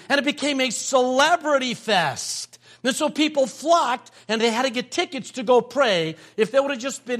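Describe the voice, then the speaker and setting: A man's voice: sits high, very animated, fairly quick, a bit bright. An older man preaching a sermon as a pastor. He tells stories, acts out family members' voices and repeats phrases for emphasis.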